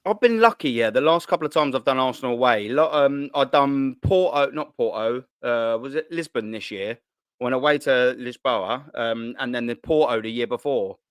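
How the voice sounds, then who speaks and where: A man with a London accent talking casually over a video call, rambling from story to story with easy swearing. His voice sits at a middling pitch and comes across dry and close, with no room sound. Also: normal speed, fairly bright tone, clean tone, no echo. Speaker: guest on a fan show. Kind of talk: casual chat.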